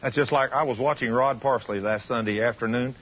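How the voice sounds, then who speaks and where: A man's voice: mid-range voice, brisk. A man preaching a fervent, folksy sermon on the radio. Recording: muffled radio broadcast.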